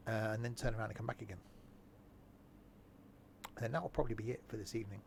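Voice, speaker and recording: A man's voice: medium pitch, quick pace, creaky, pauses often, slight background noise. A young man chatting casually as he streams a game, joking and narrating what he does. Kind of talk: casual gameplay commentary.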